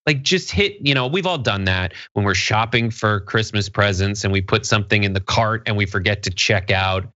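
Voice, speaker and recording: A man's voice: on the low side, moderate pace, pushed and bright, no room sound, lo-fi sound. A man co-hosting a political commentary show, rambling and joking as he talks. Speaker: co-host.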